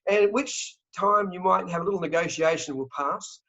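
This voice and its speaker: An Australian man talking fast and joking as a travel company sales director in an interview. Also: high voice, pushed and bright. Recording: dull lo-fi audio.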